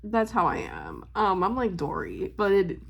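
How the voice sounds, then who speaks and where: A woman's voice: mid-range voice, wildly swooping pitch, unhurried, vocal fry, slightly rough. A woman in her twenties telling a personal story on her vlog, rambling and emotional, smiling as she talks with lots of fillers. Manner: rambling, heavy on fillers, loses her train of thought; emotional and upbeat, smiling while talking. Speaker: vlogger and spiritual reader. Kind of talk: casual storytime chat.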